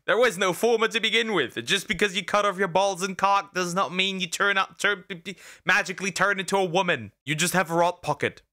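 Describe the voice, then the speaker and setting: A man's voice: sits high, fairly quick, hardly any pauses, pushed and bright, no echo, clean studio sound. A man streaming as a VTuber, reacting to a video in casual commentary, exasperated, stammering and repeating himself with bursts of laughter.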